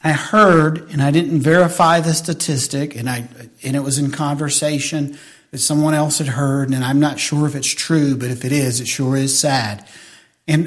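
With a voice sitting a little high, this man preaches as a pastor, telling homespun stories and asking his congregation for agreement before building toward forceful, emphatic delivery.

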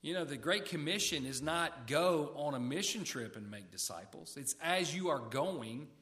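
A man's voice: on the high side, expressive, moderate pace, a bit bright. A man preaching a sermon in a conversational way, often repeating words and asking the listeners questions.

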